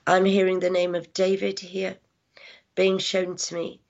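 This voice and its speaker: Gravelly low woman giving a psychic reading. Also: monotone. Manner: halting, many fillers, hushed asides; affectionate, calls people darling and my lovely. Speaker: psychic medium. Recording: dull lo-fi sound.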